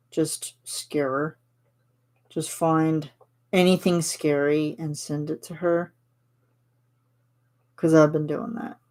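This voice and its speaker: A woman from Canada chatting casually with her viewers on a stream, giggling and answering chat. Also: low voice. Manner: chatty and giggly, reads chat replies aloud.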